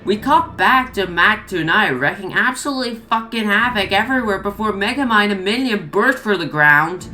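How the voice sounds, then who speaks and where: Bright-voiced woman reading a crude story. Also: medium pitch, animated, moderate pace, few pauses, faint music behind, rough recording. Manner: profane, sarcastic asides. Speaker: creepypasta reader. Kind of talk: comedic story reading with commentary.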